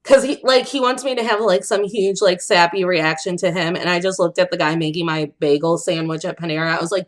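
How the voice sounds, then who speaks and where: A young woman co-hosting a casual podcast chat, her voice sitting a little low. She tells stories with lots of energy, puts on the voices of the people she quotes, and breaks into laughter often. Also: fairly quick, few pauses. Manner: animated storyteller, acts out quotes, laughs often. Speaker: podcast co-host.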